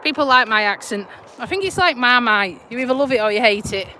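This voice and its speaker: A woman's voice: fairly high pitch, lively intonation, fast, sharp tone, slight background noise. A woman with a Yorkshire-Lincolnshire accent, chatting casually and bluntly on a live stream while out walking her dog, talking into a handheld phone. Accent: Yorkshire-Lincolnshire English. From Lincolnshire, England. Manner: chatty, laughing, broad and blunt. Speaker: vlogger, nurse. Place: outdoors on a country walk.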